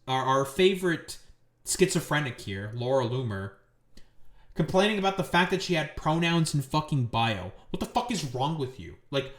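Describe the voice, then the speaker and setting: A man's voice: fairly high pitch, roomy sound. A man giving angry, profane commentary on political news clips, ranting at the people he covers.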